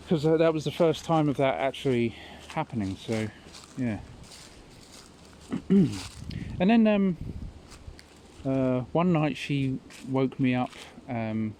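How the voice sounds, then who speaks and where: A man's voice: mid-range voice, dark tone, a little hiss or hum. A young man tells a personal story in a casual, rambling way with many fillers. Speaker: vlogger.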